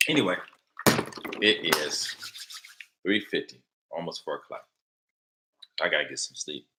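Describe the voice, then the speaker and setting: A man's voice: rumbling low, unhurried, sharp tone, slight background noise, low-quality recording. A middle-aged man, hosting a late-night casual livestream chat, rambling bluntly with many fillers and curse words. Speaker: livestream host answering viewer questions.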